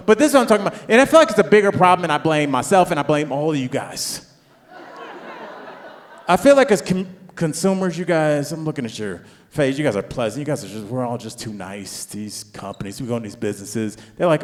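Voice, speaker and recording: A man in his forties doing a stand-up set, telling a rambling family story with restarts and climbing into loud, high rants. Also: expressive, a little fast. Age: 40s. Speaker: stand-up comedian. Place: comedy club stage. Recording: long hall reverb.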